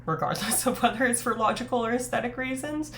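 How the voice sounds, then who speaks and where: A woman streaming live, chatting to her viewers in a loose, rambling way with casual swearing. Her voice has a gravelly, creaky fry and a stuffy, sniffly nose. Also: fairly high pitch, quick pace, fairly bright tone, slight background noise. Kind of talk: casual livestream chat.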